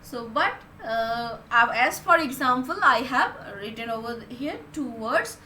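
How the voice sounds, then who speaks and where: A woman, teaching a class and explaining words slowly, one at a time. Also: on the high side, expressive, pushed and bright, echoey room, a little hiss or hum. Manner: slow, explaining word by word. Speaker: English teacher. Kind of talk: recorded online class lesson.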